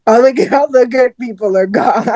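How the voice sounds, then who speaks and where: A young woman from Southern California co-hosting a casual podcast chat, animated and laughing often, with lots of "like" in her speech. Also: on the high side, slow, no echo. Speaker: guest host.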